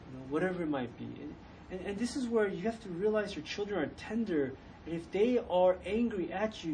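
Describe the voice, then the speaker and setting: A man's voice: fairly high pitch, recorded from a distance, poor audio. A middle-aged man preaching a sermon in church, chatty and conversational, acting out the voices of parents and children as he goes. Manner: conversational, acts out quoted voices. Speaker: pastor. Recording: faint noise, voice from off the mic.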